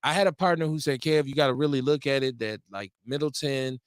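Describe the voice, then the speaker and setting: A man hosting a casual sports talk show, speaking in a measured, halting way. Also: medium pitch, smooth, no room sound. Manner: measured, halting, with fillers and restarts. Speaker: host.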